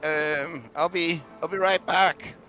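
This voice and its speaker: A man's voice: fairly high pitch, fairly even intonation, takes it slowly, pushed and bright, muffled recording, faint music behind, voice pushed up. A man voicing a nervous, flustered bank teller who stammers and hesitates.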